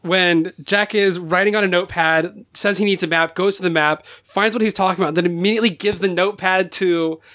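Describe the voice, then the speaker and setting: A man's voice: high-pitched, fairly even intonation, brisk, hardly any pauses, bright, forceful tone. A man chatting casually on a podcast, enthusiastically recounting a scene. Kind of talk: casual film discussion.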